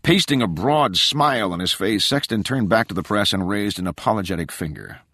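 A man narrating a thriller audiobook in a dramatic, expressive storytelling style. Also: on the low side, fairly quick, no room sound, studio quality. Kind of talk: scripted narration.

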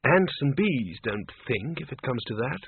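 A man's voice: medium pitch, sing-song, unhurried, vocal fry, breathy edge, no room sound, exaggerated voice. A man reading aloud and voicing a mild, level-headed older man in a tinny, phone-like recording. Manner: mild, reasoning. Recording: tinny phone-like dry audio.

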